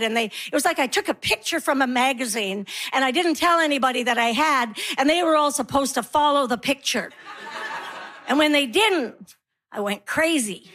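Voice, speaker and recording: A middle-aged woman performing a stand-up routine, telling stories and acting out her kids and herself. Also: sits high. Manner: animated storytelling, acts out her kids and herself. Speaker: stand-up comedian.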